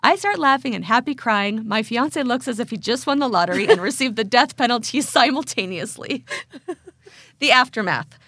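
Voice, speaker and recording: A woman co-hosting a casual podcast, reading a story aloud with animated delivery and frequent laughter. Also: on the high side, brisk, few pauses, dry recording. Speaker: podcast co-host.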